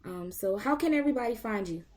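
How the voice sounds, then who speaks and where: A woman's voice: a little high, lively intonation, quick pace, a little mellow. A woman hosting a podcast interview, upbeat and enthusiastic, laughing often. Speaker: podcast host. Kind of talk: casual interview chat.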